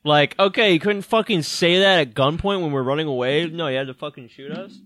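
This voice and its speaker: A man co-hosting a podcast, recapping a film in animated casual chat, swearing and laughing often. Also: a little high, fairly quick, dry recording, clean studio sound. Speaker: podcast co-host.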